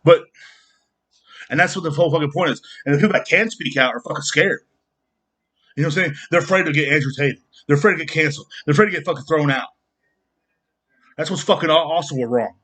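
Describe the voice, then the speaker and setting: A man's voice: on the high side, fast, long pauses, a bit bright. A man hosting a podcast, ranting angrily and bluntly with constant swearing and the odd laugh. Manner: angry, swearing, blunt, laughs at own jokes. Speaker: podcast host. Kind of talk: profane solo rant.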